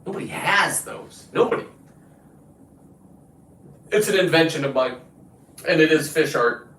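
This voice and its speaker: A man's voice: mid-range voice, a bit bright. A man hosting his own show, delivering a combative, boastful, profane rant. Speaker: show host. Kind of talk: profane ranting monologue. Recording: roomy, distant from the mic.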